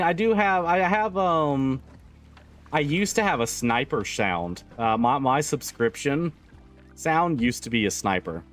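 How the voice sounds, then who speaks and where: Laid-back low-voiced male streamer. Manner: relaxed, joking, swears freely. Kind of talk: casual livestream chat.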